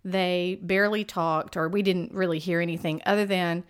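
A woman's voice: on the low side, fairly even intonation, moderate pace, clear, resonant tone. A woman co-hosting a podcast in casual chat, giving her opinions and reasoning aloud. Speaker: podcast co-host.

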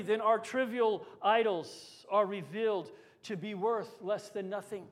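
A man, a pastor, preaching a sermon with swings between forceful lines and hushed, quiet emphasis. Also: sits high, unhurried. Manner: dynamic preaching, dropping to hushed tones for emphasis.

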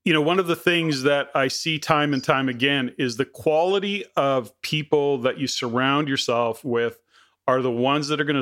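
Canadian male podcast host, mid-pitched, loose conversational delivery, full of restarts. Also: a bit bright. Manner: rambling, many restarts. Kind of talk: casual conversational interview.

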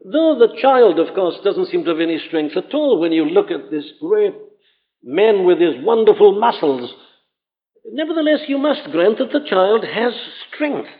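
A fairly high-voiced man preaching in an earnest, emphatic way, pushing his voice up on the questions he drives home. The recording is thin and phone-like, and the sound hangs in a long reverb like a large hall. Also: sing-song, moderate pace. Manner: earnest, emphatic, rising to exclamations. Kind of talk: sermon.

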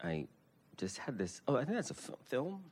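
A man, a poet, reading his prose aloud and then chatting casually about his art, animated and given to quick mimicry. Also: slightly rough. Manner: animated, jumps into high-pitched mimicry of others. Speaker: poet and guest.

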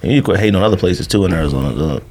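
A man's voice: sits low, racing. A young man co-hosting a podcast in casual chat, teasing his friends and telling stories with lots of laughter. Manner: laughs a lot, teasing, animated storytelling. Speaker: podcast host.

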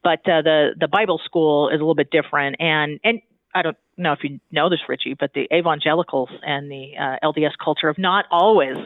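A man from Southern California, a guest telling stories in a chatty, animated way with frequent restarts. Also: a little high, a little fast, dry recording. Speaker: guest, divinity student. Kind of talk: casual conversation. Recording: thin phone-like dry line.

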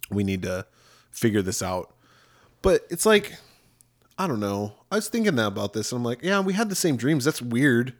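A man on a podcast, telling movie scenes in a swearing, lively voice that swings widely in pitch. The sound is dry and close. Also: no room sound. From New York. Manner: profane, animated retelling with quick voiced asides. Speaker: podcast co-host. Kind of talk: casual film-discussion chat.

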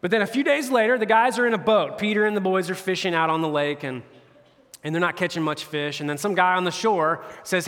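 Casual-talking pastor in a reverberant hall. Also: male voice, on the high side, fast talker, fairly bright tone. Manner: retells scripture in slang, voicing characters. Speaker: campus pastor. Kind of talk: casual conversational sermon.

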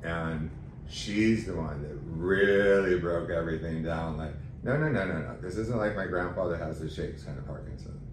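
Speaking at a moderate pace, a man with a very deep voice shares his own story as a podcast guest. The telling is candid and conversational, charged with emotion, and he performs the lines of dialogue as he quotes them. The room echoes, and faint noise sits in the background.

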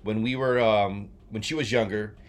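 A man in his forties from New Jersey, co-hosting a casual chat and telling stories he acts out with shouts. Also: lowish voice, normal speed. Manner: animated storyteller, acts out shouts. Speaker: podcast co-host.

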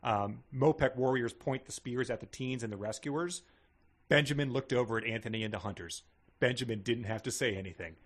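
A man's voice: mid-range voice, a little fast. A man co-hosting a podcast, reading a book aloud and riffing on it with frequent fillers. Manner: rambling, frequent fillers and laughs. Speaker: podcast co-host.

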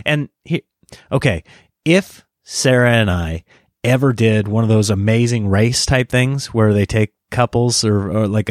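A man hosting a podcast, telling a story in a casual, animated way, ranting in exasperation and laughing at himself. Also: medium pitch, no room sound, clean studio sound. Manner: self-deprecating, laughs at himself. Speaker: podcast host.

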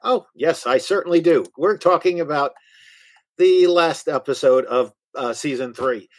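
A man's voice: fairly high pitch, unhurried, dry recording. A man co-hosting a casual podcast, introducing the episode with enthusiasm. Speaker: podcast co-host. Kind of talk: casual chat.

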